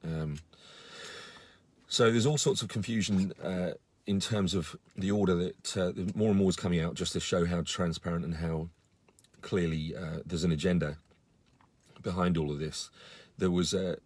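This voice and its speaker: A man's voice: sits low, fairly even intonation, normal speed, a little mellow. A man giving a casual live-stream update to followers, earnest and indignant, with many fillers and restarts. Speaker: campaigner on a live video.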